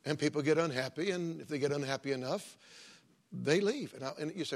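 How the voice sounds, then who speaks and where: Middle-aged man, pastor, husky, chatty sermon delivery with asides. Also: on the high side, lively intonation, moderate pace. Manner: folksy, conversational preaching with joking asides.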